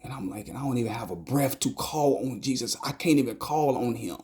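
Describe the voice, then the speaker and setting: A man giving an emotional personal testimony about a dream. He talks haltingly, repeats phrases, stumbles over his words and sometimes drops to a hushed whisper. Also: mid-range voice, expressive.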